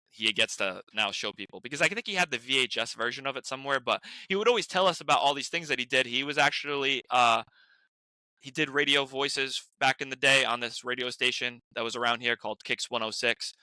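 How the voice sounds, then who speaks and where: A man's voice: medium pitch, a little fast, pushed and bright, clear, resonant tone, no room sound. A young man from Rhode Island, a guest actor, telling rambling stories in casual chat. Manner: rambling storyteller, many restarts and "like"s.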